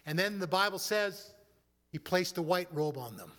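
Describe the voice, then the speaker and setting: A man's voice: sits high, animated, normal speed, a bit bright, long reverb tail. A man preaching a sermon as a pastor, building to fervent exhortation with frequent restarts. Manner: rising into fervent preaching, stumbles over restarts.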